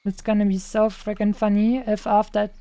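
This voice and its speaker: A woman's voice: mid-range voice, little pitch movement, moderate pace, warm tone, no echo. A young woman streaming a game, chatting casually and playfully, tossing in silly sound effects. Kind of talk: casual gaming chat.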